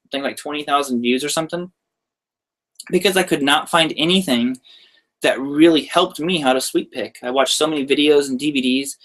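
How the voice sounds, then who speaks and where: A young man talks off the cuff to his viewers in a casual live-stream Q&A, sharing how he handles his guitars. His voice sits at an ordinary middle pitch. The talk rambles in a friendly way, full of "like" and "uh", with light laughs along the way. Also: fairly bright tone. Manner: laid-back, chatty, loose with frequent "like" and "uh"; laughs lightly mid-sentence. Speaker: guitarist answering viewer questions.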